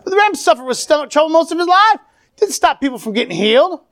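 A man's voice: very high voice, sing-song, fast talker, a bit bright. A man preaching a fervent sermon to a congregation, calling out amen and praise the Lord.

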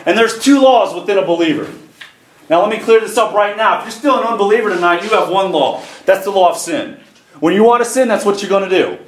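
Preaching man with a lively voice. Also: high voice, reverberant. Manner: calls for congregation responses, reads scripture slowly. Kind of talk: sermon.

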